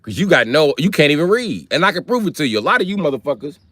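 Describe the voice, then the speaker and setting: An American man rants on a live stream, loud and full of swearing. His pitch swings widely as he gets worked up, and the sound is dry and close. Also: fast talker, no echo. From United States. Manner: loud, swearing, animated ranting. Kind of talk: profane live-stream rant.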